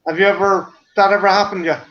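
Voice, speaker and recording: A man with a high-pitched voice chats loosely with friends, cursing casually and tripping over his own words. The sound is dull and lo-fi, as over a video call. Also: flat delivery, rapid-fire. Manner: swears casually, stumbles and repeats words. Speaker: guest on a video call chat.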